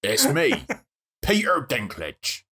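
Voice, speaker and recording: A man's voice: on the high side, wildly swooping pitch, slow pace, bright, forceful tone, breathy edge, exaggerated voice. A man playing a self-important actor giving warnings. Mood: grave. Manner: self-important, keeps repeating his own name. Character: pompous actor who delivers warnings from the moon.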